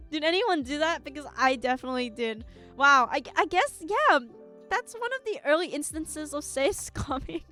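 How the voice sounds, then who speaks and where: A woman's voice: sits high, sing-song, measured pace, sharp tone, faint music behind. A young woman streaming live, chatting casually to her viewers in a rambling way and giggling often.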